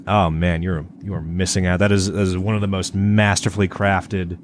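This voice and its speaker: A man's voice: deep voice, level tone, moderate pace, a little hiss or hum. A man co-hosting a podcast, chatting casually in a rambling way, with lots of stumbling restarts and swearing. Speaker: podcast co-host. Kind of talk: casual chat.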